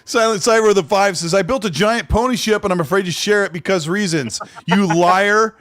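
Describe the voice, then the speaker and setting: A man's voice: high-pitched, fairly quick, fairly bright tone, no room sound. A man hosting a podcast in casual chat, reading chat comments aloud and teasing his guests. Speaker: podcast host.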